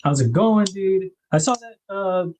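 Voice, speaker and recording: A man's voice: sits high, animated, unhurried, a little mellow, slight background noise. A man hosting a casual livestream, rambling about knife design and greeting viewers in the chat by name.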